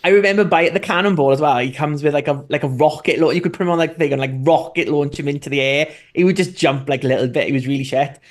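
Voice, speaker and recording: A man co-hosting a casual chat, telling rambling, animated stories with some swearing. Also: a little high, quick pace, few pauses. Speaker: co-host.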